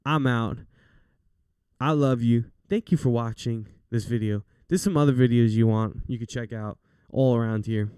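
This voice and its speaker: A man's voice: medium pitch, moderate pace, darkish tone, clean tone, no room sound, studio quality. A young man hosting a casual faith talk show, speaking in an earnest, chatty, encouraging way. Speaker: podcast host.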